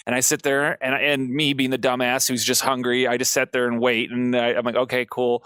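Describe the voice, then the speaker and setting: A man's voice: mid-range voice, steady tone, brisk, few pauses, fairly bright tone, clean tone, no room sound. A man co-hosting a podcast, ranting in casual chat, swearing and acting out both sides of his stories. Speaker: podcast co-host.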